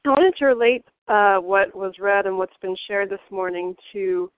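A soft-spoken woman from Pennsylvania, politely opening her share at a recovery meeting. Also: mid-range voice, moderate pace, no echo. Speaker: meeting member. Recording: tinny phone line.

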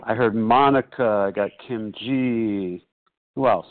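A man's voice: lowish voice, takes it slowly. A man chairing a recovery meeting, calling out names in a casual, slightly apologetic way. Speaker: meeting leader. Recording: phone line.

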